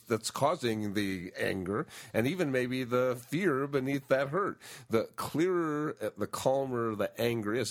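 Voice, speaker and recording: Earnest man explaining calmly. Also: medium pitch. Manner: earnest, explanatory, with repeated restarts. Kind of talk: relationship advice talk.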